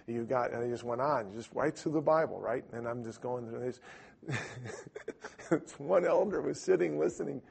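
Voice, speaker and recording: A man's voice: medium pitch, normal speed, gravelly, darkish tone, husky. A man giving an informal church teaching, telling stories with frequent restarts and self-deprecating asides.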